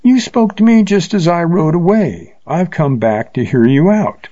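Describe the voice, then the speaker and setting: A man voicing a cool, mocking young Texan rider who talks briskly. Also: medium pitch, animated, warm tone, dry recording. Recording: slightly dull lo-fi recording.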